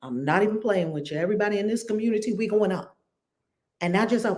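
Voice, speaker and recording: A reverend with a New York accent speaks from her own home in a livestreamed spiritual session. She is effusive and leans on repeated affirmations, then slows into a measured, chant-like guided prayer. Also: mid-range voice, darkish tone.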